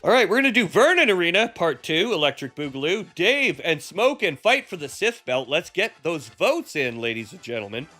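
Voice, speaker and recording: High-voiced guy doing goofy wrestling play-by-play, super bouncy, cusses a lot. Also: big pitch swings, normal speed, few pauses, soft background music. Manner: loud, joking, cursing, laughs often. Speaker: streamer doing fight commentary. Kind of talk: comedic wrestling commentary.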